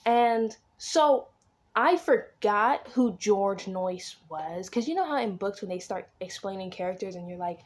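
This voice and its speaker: A woman in a relaxed book vlog, talking through the plot like she's gossiping with a friend. Her retelling is chatty and animated, sprinkled with swearing and quick asides, at an ordinary middle pitch for a woman. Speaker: vlogger recapping a book. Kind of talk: casual book-reading vlog chat.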